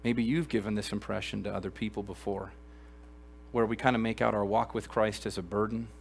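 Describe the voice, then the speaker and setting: Guy pastor preaching in church, gets loud then drops quiet, keeps asking the crowd stuff. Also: lowish voice, flat delivery, a little fast, vocal fry, a little hiss or hum. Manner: emphatic, swings between loud exclamations and quiet earnest asides; addresses the congregation directly with questions. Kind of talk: sermon.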